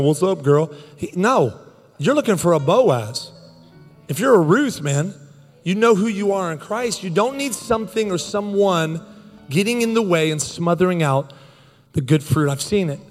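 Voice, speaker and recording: Male pastor, 30s, animated comic storyteller in a sermon, slightly high voice, reverberant hall. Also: soft background music. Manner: animated and joking, quick bursts of speech.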